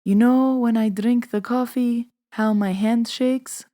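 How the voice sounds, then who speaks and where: A woman voicing her curious, earnest elderly grandmother in a higher voice as she retells a story. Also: fairly even intonation, slow, dark tone.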